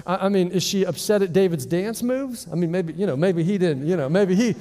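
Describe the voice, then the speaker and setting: A man preaching a sermon as pastor, telling a Bible story with lively rhetorical questions. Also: sits high, fairly quick, long reverb tail. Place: church auditorium.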